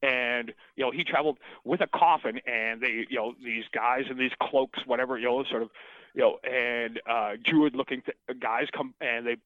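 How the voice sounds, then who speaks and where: A man's voice: mid-range voice, steady tone, normal speed, no echo. Middle-aged singer guy rambling through stories, swears a lot, trips over his words, sounds thin like a phone line, dead dry. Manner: rambling, profane, restarts often. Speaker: singer, interview guest. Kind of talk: casual storytelling interview.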